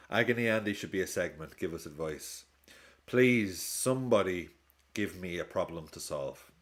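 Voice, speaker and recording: Deep-voiced man chatting on stream. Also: a little slow, pauses often. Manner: chatty, reacts to play and reads chat aloud; lively swings in pitch. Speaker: streamer hosting a football watch-along. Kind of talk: casual live-stream chat.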